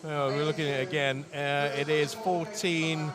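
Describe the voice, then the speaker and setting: Male swimming commentator, upbeat, slightly high, crowd loud behind. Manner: lively, quick-talking, stats-heavy. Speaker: race commentator. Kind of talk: live sports commentary. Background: crowd noise.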